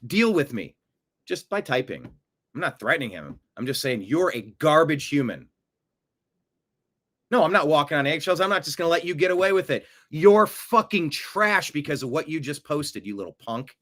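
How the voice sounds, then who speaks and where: A man hosting a profane political rant, swinging from low mutters to loud outbursts. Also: lively intonation, moderate pace. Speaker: political commentary host.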